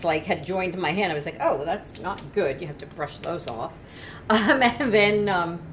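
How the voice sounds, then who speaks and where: A woman recounts her travels in an easygoing, rambling way. She keeps stopping to restart her sentences and fill the gaps with ums. Her voice sits a bit low, with faint noise in the background. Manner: chatty, many fillers and restarts. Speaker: travel vlogger. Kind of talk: casual storytelling.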